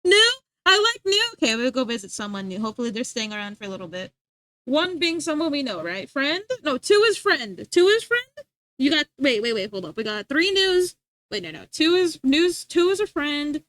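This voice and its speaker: A woman's voice: sits high, big pitch swings, fairly quick, a bit bright, no echo. A woman livestreamer chatting casually with her viewers, giggly and full of filler words.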